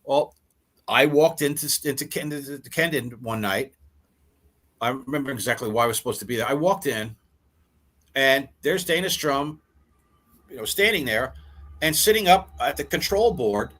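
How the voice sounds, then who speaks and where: A man's voice: a little high, a bit bright. An older man who is a rock musician, telling stories as an interview guest. He acts out quoted dialogue and often repeats and restarts words. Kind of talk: storytelling in a casual interview.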